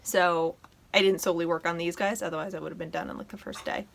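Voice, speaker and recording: A woman hosting a knitting podcast shows off her projects at home in casual, enthusiastic show-and-tell chat. She talks fast in a lowish, steady, creaky voice.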